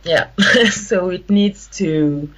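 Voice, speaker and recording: Slow, halting French-accented woman. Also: lowish voice, rough recording. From France. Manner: halting, searching for words, laughs often. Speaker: guest, activist. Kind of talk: radio interview.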